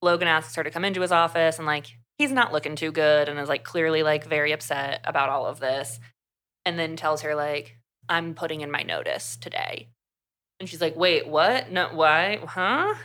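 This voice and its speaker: A young woman on a casual book-review podcast, retelling a plot with animated, chatty energy. Her voice is bright and forceful, sitting a little low for a woman. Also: brisk. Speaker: podcast co-host.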